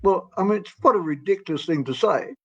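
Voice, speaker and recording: Man in his 80s, guest storyteller, higher pitch, meandering and genial, dull lo-fi sound. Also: animated, fast. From England. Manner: gentle, rambling, laughs often. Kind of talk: storytelling interview. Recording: dull lo-fi audio.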